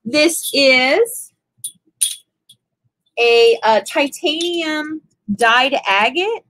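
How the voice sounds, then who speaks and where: A woman's voice: high voice, a bit bright, no room sound, poor audio. A woman hosting a live jewelry auction stream, chatting casually as she describes each piece.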